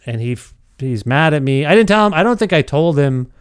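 A middle-aged man spins a casual, self-deprecating anecdote, his pitch sitting a bit high. His voice is smooth and resonant, heard close and dry. He talks in an animated way and trips over his own words. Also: brisk, no echo. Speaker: podcast storyteller. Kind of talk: casual storytelling.

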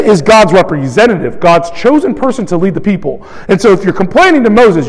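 A male pastor preaching a sermon in a conversational, animated way, often acting out the complaints he quotes. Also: high voice, big-room sound, poor audio.

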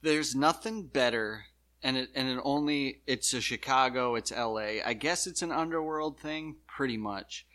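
A man's voice: mid-range voice, normal speed, sharp tone. A man chatting casually on a comedy podcast, laughing often and telling stories animatedly. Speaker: podcast co-host.

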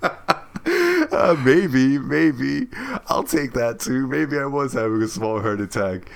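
A man's voice: medium pitch, moderate pace, vocal fry, clean tone. A young man from Brooklyn, telling a story in casual chat, swearing freely and filling with "like". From Brooklyn, New York. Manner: swears freely, rambling with lots of "like".

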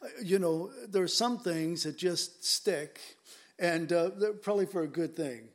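A man's voice: high voice, measured pace. A man preaching a verse-by-verse sermon, emphatic and conversational, firing off rhetorical questions. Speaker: pastor. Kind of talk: expository sermon.

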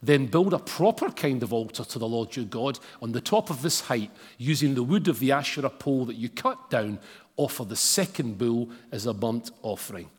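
A man's voice: medium pitch, lively intonation, normal speed, slightly rough. A man preaching a sermon and reading scripture aloud, with casual asides to the congregation. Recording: long hall reverb.

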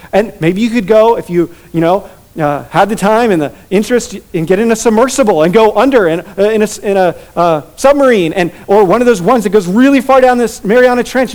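Guy preaching a sermon, pretty high voice, earnest, gets emphatic with repeats. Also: darkish tone. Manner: earnest, builds to rising emphatic repetition. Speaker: pastor.

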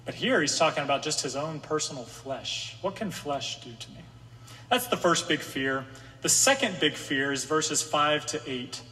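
A pastor delivers a conversational sermon to a room of listeners, sometimes voicing the psalmist's anxious pleas. His voice is fairly high and sharp-toned, and the recording carries a long hall reverb.

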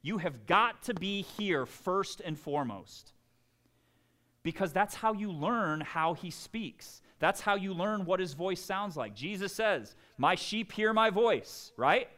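Lively preacher man. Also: sits high, unhurried. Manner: animated, conversational preaching with jokes and asides. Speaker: pastor. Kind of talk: sermon.

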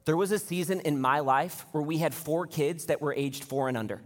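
High-voiced pastor preaching in a hall. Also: male voice, fairly quick. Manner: direct, conversational questions to the congregation. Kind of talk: sermon. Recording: long hall reverb.

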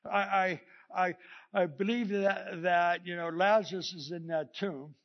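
Male preacher with a raised pitch, lively and chuckling as he tells stories, captured on a muffled, lo-fi recording. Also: unhurried. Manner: animated storytelling, acting out the scripture quotes; chuckles often between points. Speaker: pastor. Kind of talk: sermon. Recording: dull lo-fi sermon recording.

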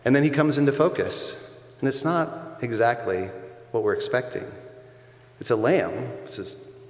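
A man's voice: medium pitch, lively intonation, normal speed. Man preaching in an echoey church. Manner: conversational, emphatic preaching with repeated phrases. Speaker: pastor. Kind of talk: sermon. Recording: echoey church hall with long reverb.

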